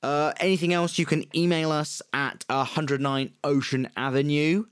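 Young adult man, podcast co-host, rambling casual chat, swears, somewhat high voice. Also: fairly even intonation, moderate pace, clean tone. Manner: loose, rambling, swears and laughs.

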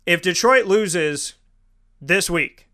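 A man's voice: high voice, animated, slow, sharp tone. A man hosting a show, giving opinionated football commentary with emphatic, repetitive ranting. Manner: emphatic, ranting, repeats for effect. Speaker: sports show host.

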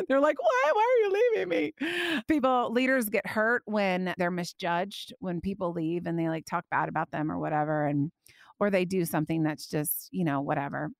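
A woman hosting a faith podcast, telling a personal story with animated, emotional delivery that climbs high when she quotes her prayers. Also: no room sound, studio quality. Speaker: podcast host.

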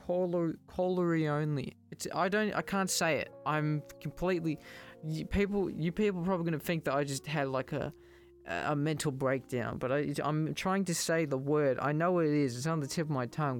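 A young man hosting a casual solo podcast, rambling, joking at his own expense and stumbling over words. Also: a little high. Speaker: podcast host.

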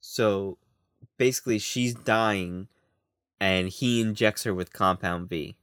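A man's voice: fairly low pitch, slow, a bit bright, smooth, dry recording, clean studio sound. A man co-hosting a podcast, reviewing episodes casually and stumbling over his words. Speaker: podcast co-host.

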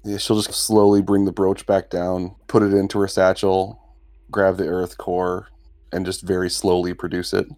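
Relaxed man playing a tabletop game. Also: low voice, moderate pace. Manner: relaxed, describing his character's actions. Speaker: player. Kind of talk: casual tabletop play.

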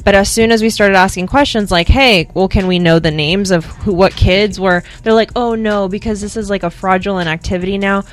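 A woman guesting on a podcast who explains things calmly in a casual chat. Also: medium pitch, brisk, few pauses, slight background noise.

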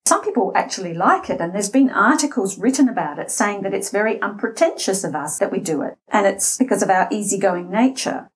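A middle-aged Australian woman, a voice and interview coach, explaining speech habits in a deliberate way, with a slightly scratchy voice and shifts in pace and loudness for emphasis. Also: mid-range voice, animated. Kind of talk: instructional talk.

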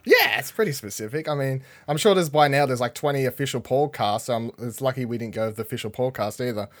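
A man hosting a podcast in casual chat, energetic and rambling as he talks. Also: mid-range voice, fast talker. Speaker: podcast host.

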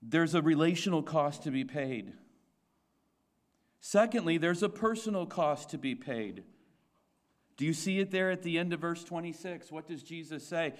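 This pastor preaches a Sunday sermon in a distinctly high voice, with lively intonation and a normal speed. He asks the congregation rhetorical questions, repeats his points for emphasis, and trips over restarts while developing his ideas.

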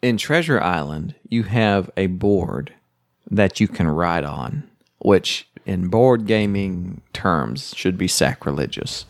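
A man's voice: low voice, animated, slow pace. A man from the United States hosting a casual board game chat, rambling with wry asides. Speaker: podcast host.

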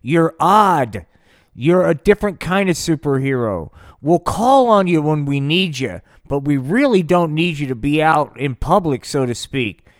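A man's voice: a little high, animated, unhurried, no echo, clean studio sound. A man voicing a stern male government drug agent who lectures and scolds, in an improvised comedy bit. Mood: scolding.

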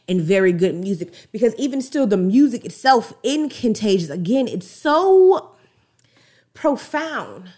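A woman giving casual, slangy music commentary in an animated way, retelling a song's story. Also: medium pitch. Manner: animated, slangy, acts out song dialogue.

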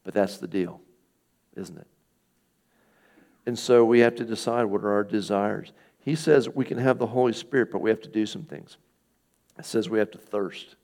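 Low gravelly male preacher, conversational. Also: normal speed, long pauses, darkish tone. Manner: conversational, asks the listeners questions, acts out quoted speakers. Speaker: pastor. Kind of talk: sermon.

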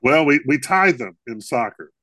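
A man's voice: medium pitch, lively intonation, moderate pace, fairly bright tone, dry recording. A man co-hosting a podcast in casual comedic chat, rambling and laughing often. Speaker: podcast co-host.

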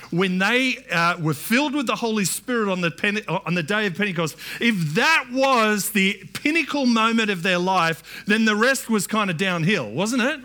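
A middle-aged male pastor delivers a sermon in a church. His voice sits high and sounds bright and forceful, and he keeps it conversational, restarting phrases and slipping into asides.

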